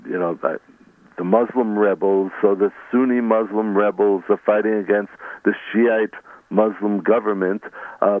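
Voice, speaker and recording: Low-voiced male guest, halting with many restarts, on a thin phone line. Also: no echo. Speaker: guest, former mayor and author. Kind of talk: radio interview over phone.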